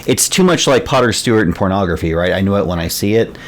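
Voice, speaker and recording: A man moderates an academic discussion over a video call. His voice sits very low. He talks haltingly, stopping and restarting often. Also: animated.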